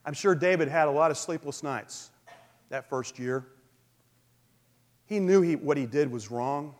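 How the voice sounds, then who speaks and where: A male pastor preaching a sermon in a relaxed, conversational way, with frequent fillers. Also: a little high, measured pace. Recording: long hall reverb.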